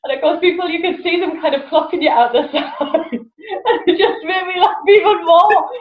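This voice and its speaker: A woman's voice: very high-pitched, normal speed. A woman, a guest in an interview, telling stories animatedly, laughing often and acting out voices. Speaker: guest, laughter yoga teacher. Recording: roomy, slightly dull sound with faint music.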